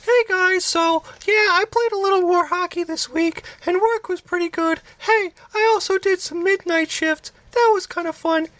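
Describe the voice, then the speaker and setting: A man doing an impression of his co-host as a squeaky, rambling, chipper young man. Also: normal speed, hardly any pauses, a bit bright.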